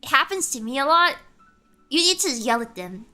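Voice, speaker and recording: Squeaky high-voiced woman streamer. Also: big pitch swings, moderate pace, pushed and bright, faint music behind. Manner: rambling, giggly, corrects herself often. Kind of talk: casual storytelling chat.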